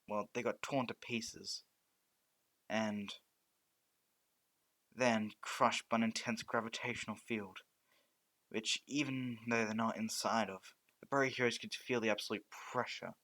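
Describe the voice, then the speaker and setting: A man narrating a fan story off the cuff, halting often with restarts and stumbles. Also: lowish voice, fairly even intonation, fairly bright tone.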